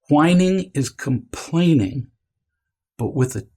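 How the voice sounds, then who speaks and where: A man with a gravelly, slightly husky voice lectures parents in a deliberate, emphatic way. He now and then slips into a whiny child voice to make a point. His pitch sits in an ordinary middle range. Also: animated, a little mellow. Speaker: parenting teacher.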